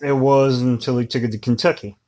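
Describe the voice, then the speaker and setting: A man's voice: medium pitch, brisk. Wry, joking man podcast co-host. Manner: joking, wry, deadpan asides. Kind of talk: casual chat.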